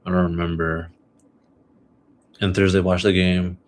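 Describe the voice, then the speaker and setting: A young man talks alone into his podcast mic, rambling about his week and his game picks in a relaxed, halting way full of fillers. His voice sits low and barely moves in pitch. A faint hum of room noise runs underneath. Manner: rambling, filler-heavy, laid-back. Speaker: podcast host. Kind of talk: casual solo podcast chat.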